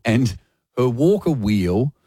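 A man's voice: mid-range voice, slow, dry recording, studio quality. An Australian man hosting a radio show, telling a funny story with laughter and self-mockery. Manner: animated, laughing, self-mocking. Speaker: radio host. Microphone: studio mic.

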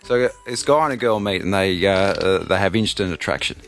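A man hosts a casual radio segment, winding through a story with plenty of fillers and restarts. His voice sits on the low side. Soft music runs quietly underneath. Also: a little fast. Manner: rambling storyteller with many fillers. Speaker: radio host. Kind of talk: casual radio chat, telling a joke.

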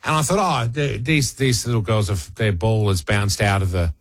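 An Australian radio host with a lowish voice tells a rambling, self-mocking story into a studio mic, restarting again and again. He speaks at normal speed in casual storytelling chat, and the recording is dry.

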